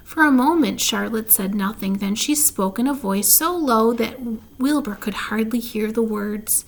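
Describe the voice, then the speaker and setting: A woman narrating a children's storybook in a clear, measured way. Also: fairly high pitch. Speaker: reader. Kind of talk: storybook reading.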